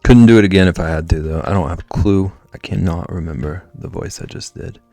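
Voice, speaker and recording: A deep-voiced man with a creaky, gravelly edge chats loosely on a livestream, drifting from thought to thought with filler words. His voice sounds close and dry. Faint music plays underneath. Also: brisk, warm tone, dry recording. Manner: rambling, answers chat, filler "like". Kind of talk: casual stream chat.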